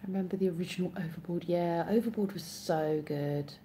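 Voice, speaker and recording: The woman's lowish, dark voice moves briskly, with slight noise in the background. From Oxfordshire and speaking with an English accent, she chats casually on a live stream, reading viewer comments aloud, rambling and self-correcting.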